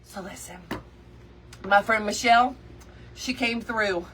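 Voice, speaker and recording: A woman hosting a craft livestream, telling a story to her viewers in an animated, chatty way and calling them y'all and girl. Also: mid-range voice, takes it slowly, husky, recorded from a distance. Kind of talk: casual storytelling chat with viewers.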